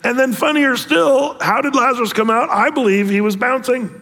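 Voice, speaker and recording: A man preaching a sermon, telling the story in an animated, playful way with voiced asides. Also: high voice, normal speed, gravelly, big-room sound. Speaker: pastor.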